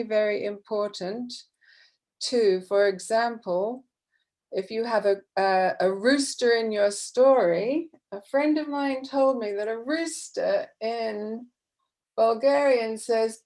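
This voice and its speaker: A woman teacher trainer explaining classroom methods in a patient, explanatory way, with frequent fillers. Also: on the high side. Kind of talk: online teacher-training talk.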